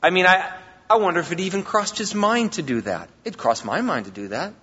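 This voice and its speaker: A man preaching a sermon as a pastor, emphatic, swinging between loud and quiet. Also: high-pitched, lively intonation, fairly quick, breathy edge. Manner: emphatic preaching, rises and drops in volume. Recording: long hall reverb, dull lo-fi sound.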